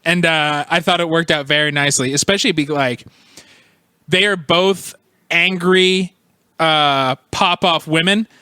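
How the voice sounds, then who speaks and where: A young adult man co-hosting a podcast, chatting casually and jokingly, often slipping into quick voices to quote characters. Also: on the high side, fairly even intonation, bright, forceful tone, clean tone, dry recording. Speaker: podcast co-host. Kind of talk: casual chat about a TV show.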